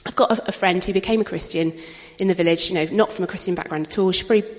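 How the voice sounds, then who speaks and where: A woman's voice: fairly low pitch, racing. Chatty woman in a reverberant hall. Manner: chatty and anecdotal, with frequent laughter. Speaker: speaker at a church gathering. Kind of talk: informal testimony talk.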